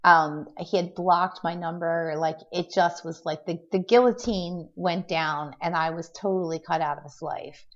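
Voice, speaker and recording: A middle-aged woman with a fairly low voice tells a personal story in a loose, rambling vlog style. She restarts her sentences often and leans on fillers, and she acts out what others said. The recording sounds muffled and lo-fi. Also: a little slow, hardly any pauses. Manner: tends to act out quotes in a lively way. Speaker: vlogger telling a personal story. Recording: dull lo-fi recording.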